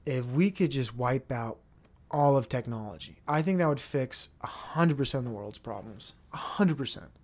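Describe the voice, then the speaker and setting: On his solo podcast, a man with a mid-range, slightly mellow voice rambles and jokes to himself, swearing often.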